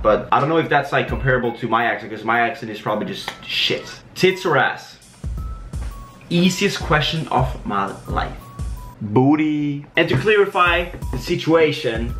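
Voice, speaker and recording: A man's voice: mid-range voice, a bit bright. Joking young Swedish man, echoey room. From Sweden. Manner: loose, joking, swears a lot. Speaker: YouTuber. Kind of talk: casual Q&A vlog.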